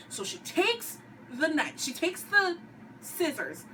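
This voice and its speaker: Acting out characters' lines, this female vlogger gives a dramatic, casual TV episode recap. She speaks a little high and a little slowly, very animated, far from the microphone amid a noisy background.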